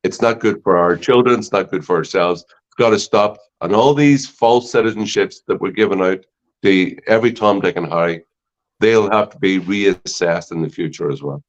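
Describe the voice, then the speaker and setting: A man's voice: deep voice, normal speed, muffled recording. A man giving his political opinion in an earnest, indignant way.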